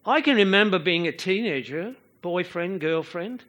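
A man preaching a sermon to a congregation, slow and expressive, sometimes chanting out the rhythms of verse. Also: high-pitched, dull audio.

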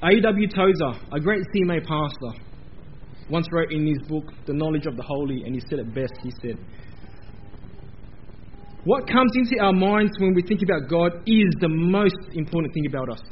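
A man preaching a sermon in a church, animated and repeating phrases for emphasis. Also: fairly high pitch, normal speed, long pauses, lo-fi sound, a little hiss or hum. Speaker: pastor. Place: church building.

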